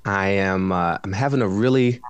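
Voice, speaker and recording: A man's voice: deep voice, normal speed, smooth, no echo, dull audio. A tired man, a podcast guest, talking casually from home with reflective asides and frequent laughs. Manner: reflective, jokey, laughs often. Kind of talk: casual conversation. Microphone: studio microphone.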